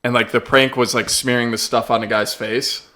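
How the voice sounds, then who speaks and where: A man's voice: mid-range voice, level tone, normal speed, pushed and bright. A young man on a comedy podcast, telling crude stories and laughing through them. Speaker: comedian guest. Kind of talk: casual podcast chat.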